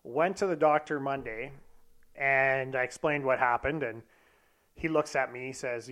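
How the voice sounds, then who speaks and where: A man's voice: mid-range voice, measured pace, fairly bright tone. A young man casually telling a candid, profane, self-deprecating story about himself. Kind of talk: casual anecdote monologue.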